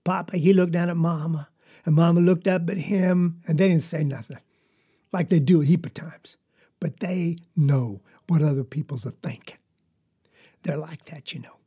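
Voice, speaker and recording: A woman's voice: low-pitched, moderate pace, warm tone, husky. A woman with a Southern US accent playing a young farm girl who tells a story in a rambling, folksy, confiding way. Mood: earnest. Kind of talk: dramatic monologue.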